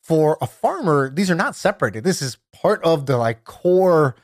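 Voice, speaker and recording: A man co-hosting a podcast, telling a story in casual chat, lively and full of fillers like "like" and "you know". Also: a little high, moderate pace, no echo, studio quality. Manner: animated storyteller, many fillers, laughs while telling. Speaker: podcast co-host.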